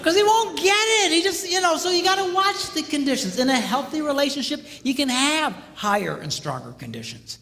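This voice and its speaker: An older man giving a marriage seminar talk, telling animated stories and acting out the voices of the people in them. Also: very high-pitched, a little fast, gravelly, few pauses, in a large hall. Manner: animated storytelling, acts out voices.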